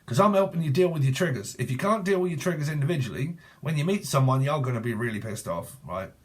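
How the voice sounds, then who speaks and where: A man's voice: on the high side, lively intonation, fast talker, husky. A man, giving a casual online tarot reading in a blunt, profane way and laughing often. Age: 40s. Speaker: tarot reader.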